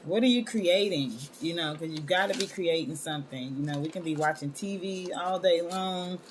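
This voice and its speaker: Chatty low-voiced woman live-streaming. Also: normal speed, slight background noise. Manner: chatty, scattered, addresses viewers as y'all. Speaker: wellness show host. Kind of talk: casual live-stream talk.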